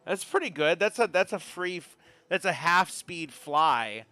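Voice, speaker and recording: A man's voice: high voice, animated, unhurried, bright, forceful tone, no room sound. A man running a tabletop game as game master, chatty, checking rules aloud with stumbles.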